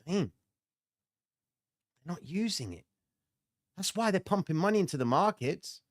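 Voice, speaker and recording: A man's voice: high-pitched, lively intonation, moderate pace. A man hosting a live trading stream, giving blunt, slangy market commentary and answering chat comments.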